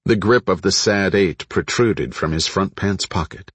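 A man narrating an audiobook in a steady, measured way. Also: sits low, slightly rough, dry recording. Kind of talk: scripted narration.

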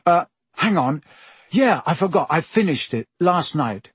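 A male narrator voicing a quiet, guarded teenage boy who speaks hesitantly. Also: sing-song, a little slow, breathy edge, dry recording, full character voice. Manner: hesitant, low-key.

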